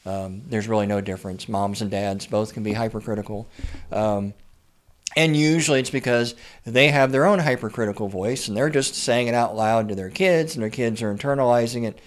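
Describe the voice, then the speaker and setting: A man's voice: lowish voice, a little fast. Blunt, stammering man giving advice. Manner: frequent stammered word repeats; blunt, swears freely. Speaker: writer and therapist. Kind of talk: casual advice monologue.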